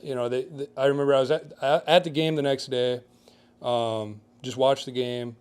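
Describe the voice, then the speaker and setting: A man's voice: medium pitch, fairly even intonation, normal speed, clean tone. A young man from Michigan's Upper Peninsula, a guest telling a story in a casual podcast interview. He talks animatedly, peppers his talk with "like," and acts out the people he quotes. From Upper Peninsula of Michigan, USA. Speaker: guest, baseball pitching prospect.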